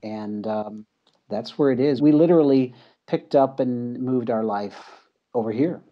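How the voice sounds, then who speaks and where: A man's voice: mid-range voice, unhurried, highs cut off. An American man in his thirties or forties, a guest chatting casually in an interview, telling stories with chuckles and fillers. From United States. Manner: relaxed storyteller, chuckles often, many fillers.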